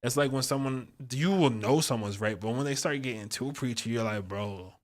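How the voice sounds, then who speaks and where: A man's voice: medium pitch, a little fast. A man giving a casual tarot reading on a live stream, chatty and slangy, talking straight to his viewers and laughing often between thoughts. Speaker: astrologer and tarot reader.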